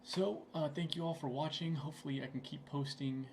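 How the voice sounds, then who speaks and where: A young gaming channel host with a fairly high pitch and a steady tone talks fairly quickly over his gameplay. He's at his computer, laid-back and rambling with plenty of fillers, and a little hiss or hum can be heard.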